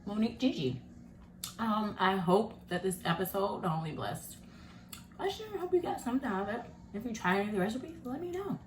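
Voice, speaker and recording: A woman hosts her own cooking vlog in a home kitchen, chatty and upbeat as she talks to her viewers. Her voice sits in a middle range. The recording has a clear echo off the room and steady background noise. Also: mid-range voice. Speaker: host of a home cooking show. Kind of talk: casual cooking vlog chat.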